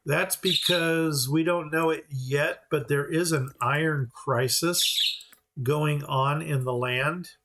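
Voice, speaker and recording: A man's voice: fairly high pitch, fairly even intonation, slow, sharp tone. Chatty man narrating his gameplay. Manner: chatty, explains as he plays, mock-voices the characters. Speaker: gameplay commentator. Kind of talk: casual let's-play commentary.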